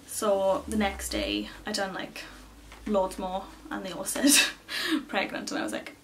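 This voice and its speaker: A young woman, rambling excitedly in a casual story to camera, full of fillers. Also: mid-range voice, brisk, far from the mic, slight background noise. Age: early 20s. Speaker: beauty vlogger.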